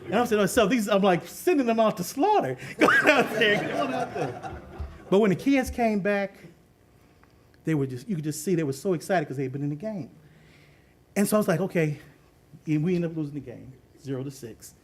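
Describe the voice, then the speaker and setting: A high-voiced middle-aged man talks fast and animatedly in a storytelling talk on leadership, recalling coaching youth football. He laughs often and acts out the voices of people in the story. The background is noisy.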